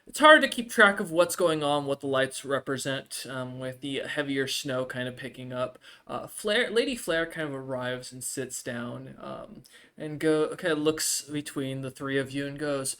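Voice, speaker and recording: Rambling male game master, bright voice. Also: medium pitch, expressive, normal speed. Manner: rambling, filler-heavy. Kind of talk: narrating a tabletop game.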